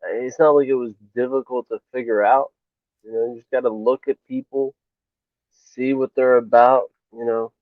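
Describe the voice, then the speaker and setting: A man's voice: medium pitch, steady tone, normal speed, dry recording. Man arguing back, dismissive, sounds like a thin dry phone line. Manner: defiant, dismissive. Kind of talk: heated voice chat argument. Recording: tinny phone-like voice chat.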